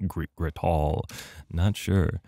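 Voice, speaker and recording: A man's voice: low-pitched, fairly even intonation, slow, gravelly, dark tone, no echo, studio quality. A man doing let's play commentary on an adventure game, joking at his own expense and reading the game text aloud. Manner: jokey, self-mocking, reads game text aloud. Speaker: gamer playing through an adventure game.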